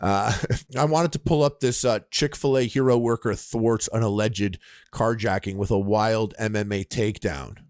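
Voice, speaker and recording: A man's voice: lowish voice, moderate pace, clear, resonant tone, dry recording, studio quality. A man hosting a casual podcast, joking around and jumping into silly voices. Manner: animated joker, jumps into silly voices. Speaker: podcast host. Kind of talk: casual comedic chat.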